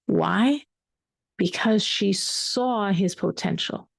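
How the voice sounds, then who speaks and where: A woman's voice: mid-range voice, measured pace, gravelly, no echo, clean studio sound. A woman teaching a Torah class, telling a story with emphatic repetition. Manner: emphatic, repeats words for weight.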